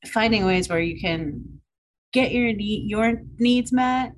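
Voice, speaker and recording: A woman's voice: fairly high pitch, slow, rough recording. A woman co-hosting a podcast in casual chat, telling stories with lots of "like"s and frequent laughter. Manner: chatty storyteller, many "like"s, frequent laughter. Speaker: podcast co-host.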